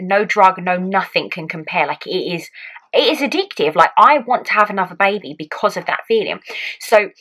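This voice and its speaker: A woman's voice: medium pitch, a bit bright, poor audio. A young woman telling a personal story in casual vlog style, chatty and acting out what people said. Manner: chatty, acts out quotes, frequent "like". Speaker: vlogger.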